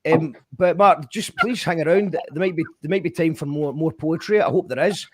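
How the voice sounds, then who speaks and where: A man hosting a casual live stream, excitable and given to swearing and shouting when thrilled. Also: on the high side, brisk, dry recording. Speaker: host of a live stream show.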